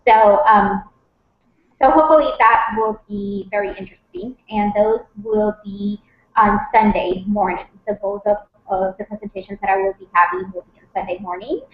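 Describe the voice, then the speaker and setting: A woman's voice: mid-range voice, fairly even intonation, normal speed. A woman from Puerto Rico, a physician guest, chatting eagerly on a video call with many fillers and restarts. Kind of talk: casual video-call chat. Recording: roomy, dull lo-fi audio.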